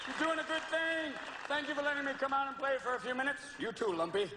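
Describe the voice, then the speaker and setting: A hoarse man doing a manic stand-up comedy routine, shouting and jumping between voices. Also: very high-pitched, fast talker. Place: live comedy venue with audience. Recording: roomy live recording with loud crowd. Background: loud crowd noise and laughter.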